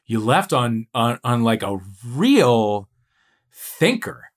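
A man's voice: medium pitch, slow. A man hosting a comedy podcast game, setting up prompts in a playful, teasing way. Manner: playful, teasing, animated delivery. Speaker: game show host.

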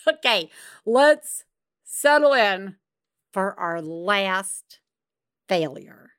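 A woman's voice: mid-range voice, expressive, extremely slow, a bit bright, clean tone, no room sound, clean studio sound. A woman hosting a parenting podcast, talking candidly and bluntly, with easy laughter and swearing. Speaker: podcast host.

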